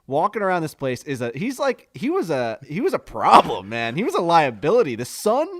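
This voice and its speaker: A man's voice: fairly high pitch, wildly swooping pitch, fairly quick, no echo, studio quality. A man co-hosting a podcast, telling stories in a rambling, profane, casual way. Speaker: podcast co-host. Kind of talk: casual chat.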